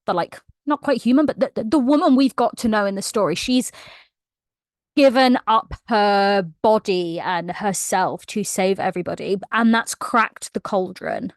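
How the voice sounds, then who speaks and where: A woman's voice: medium pitch, no echo. A young woman animatedly recapping a fantasy novel, laughing often and saying "like" a lot. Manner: animated, laughing, heavy use of "like". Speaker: book vlogger. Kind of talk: casual book recap.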